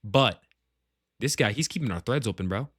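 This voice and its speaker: A lowish, slightly rough voice, a bit bright, moves at a moderate pace with lively intonation on a studio-quality recording with no echo. It belongs to a gaming clan leader ranking his group at home, a space shared with family, in casual, profane, slangy, wandering banter.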